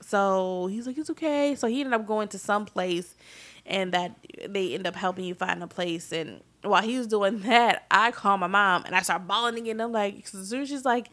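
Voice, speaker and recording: A woman in her thirties tells a personal story in a loose, chatty way. Her voice sits in the middle of the range for a woman. She turns animated and loud when she relives the hard parts. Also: mid-range voice, normal speed. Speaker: vlogger telling a family story. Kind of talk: casual storytelling.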